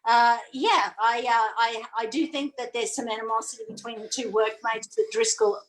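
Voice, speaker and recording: A high-pitched woman co-hosting a casual podcast. She chats and jokes about the episode in a relaxed, wry way. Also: moderate pace, poor audio. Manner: joking, chatty. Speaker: podcast co-host. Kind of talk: casual chat.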